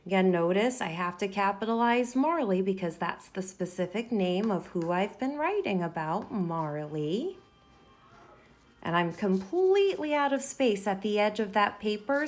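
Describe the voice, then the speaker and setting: A woman teacher modeling a writing lesson for young students, talking through each step as she writes and sounding words out. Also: mid-range voice. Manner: slow, deliberate, sounding words out while writing.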